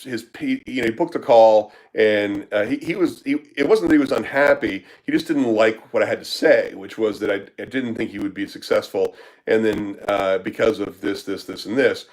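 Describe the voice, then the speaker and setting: A man's voice: lowish voice, moderate pace, darkish tone, rough recording. A man who works as a startup business consultant, answering questions in a casual live Q&A, blunt and profane with lots of filler words.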